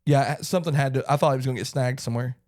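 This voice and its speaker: A man's voice: mid-range voice, fairly even intonation, racing, a little mellow, no echo, studio quality. A man co-hosting a podcast in a casual chat, rambling and restarting his sentences. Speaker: podcast co-host.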